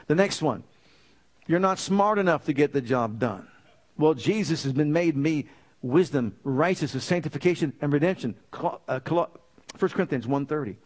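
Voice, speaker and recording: A man with a fairly high voice preaches a sermon. He declares scripture with emphasis and presses his listeners with rhetorical questions. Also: darkish tone.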